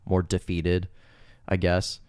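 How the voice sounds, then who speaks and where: A man's voice: low-pitched, completely flat delivery, slow pace, darkish tone, clear, resonant tone, no echo, studio quality. A man co-hosting a casual podcast, recapping a film scene by scene and acting out the characters' lines. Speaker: podcast co-host. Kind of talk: casual movie recap chat.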